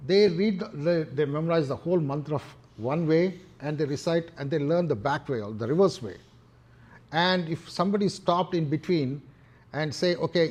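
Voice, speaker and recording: A middle-aged man with an Indian English accent giving a devotional discourse, talking in a halting way with many fillers and restarts. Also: fairly high pitch, darkish tone. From Hyderabad, India. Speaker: temple speaker.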